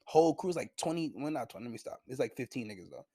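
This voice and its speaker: A young man reviewing anime in a casual vlog, with a slangy, profane, animated retelling and frequent laughs. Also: medium pitch, quick pace, breathy edge, dry recording, studio quality. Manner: laughs often.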